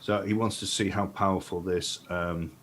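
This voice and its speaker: A man's voice: low voice, fairly even intonation, moderate pace, background noise. A man playing a tabletop game, asking questions and reasoning aloud about the rules. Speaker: player.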